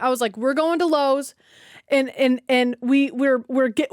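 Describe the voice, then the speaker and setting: A young woman telling a story on stream, animated, swearing freely and laughing often. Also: high-pitched, normal speed, no room sound, studio quality. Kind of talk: casual storytelling.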